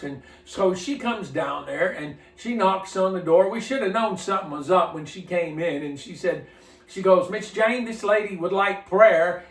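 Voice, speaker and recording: High-voiced minister telling a story. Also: male voice, recorded from a distance. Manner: folksy, rambling, repeats words. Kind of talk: casual storytelling to camera. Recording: roomy sound from off-mic.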